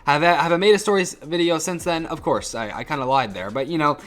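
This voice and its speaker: A man's voice: fairly high pitch, a little fast, fairly bright tone. A teenage boy telling a casual, rambling storytime vlog, with lots of swearing and frequent restarts. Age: teens. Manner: rambling, profane, restarts often. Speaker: YouTuber and high school student.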